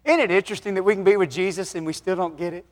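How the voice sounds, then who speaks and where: A pastor delivers a sermon with a fairly high voice, drifting from booming exhortation to near-whispers. His folksy storytelling rings out in a church hall with long reverb. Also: rapid-fire. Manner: folksy storytelling, swinging from loud exhortation to hushed tones. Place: church sanctuary.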